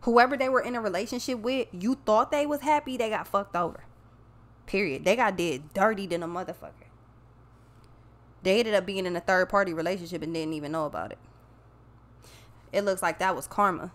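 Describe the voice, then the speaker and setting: A woman's voice: mid-range voice, a little fast, long pauses. A woman giving a casual tarot reading, talking bluntly and emphatically with plenty of swearing. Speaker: tarot reader.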